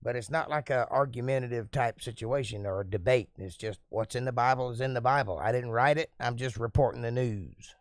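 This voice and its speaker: A man hosting a casual live stream, reading viewer comments aloud and answering them in a relaxed, talkative, folksy way. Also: mid-range voice, brisk, few pauses, no echo, clean studio sound.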